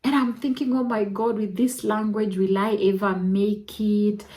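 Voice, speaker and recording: A young Kenyan woman with a Kenyan accent, telling her own story on a personal vlog with emotional, animated exclamations. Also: a little slow. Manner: emotional, animated retelling with sudden high exclamations. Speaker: vlogger.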